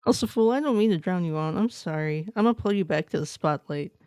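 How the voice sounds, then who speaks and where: A woman streamer chatting casually with her viewers, excitable and quick to laugh. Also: fairly low pitch, smooth, no echo, clean studio sound. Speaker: live streamer. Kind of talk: casual live-stream chat reading viewer messages.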